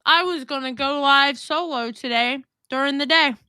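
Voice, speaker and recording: A woman's voice: high voice, moderate pace, bright, forceful tone, dry recording, clean studio sound. A woman co-hosting a livestream in casual chat, tipsy, brash and crude, swearing a lot. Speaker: livestream co-host.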